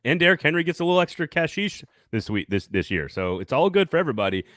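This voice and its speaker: A man's voice: a little high, very animated, fast, fairly bright tone, no echo, studio quality. A man hosting a casual sports talk show, upbeat and jokey, laughing often and doing sponsor reads. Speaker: podcast host.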